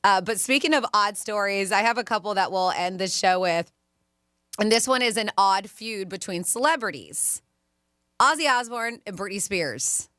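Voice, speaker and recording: A woman co-hosting a radio talk show, telling stories in an animated, chatty way. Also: medium pitch, moderate pace, no echo, studio quality. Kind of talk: casual radio chat.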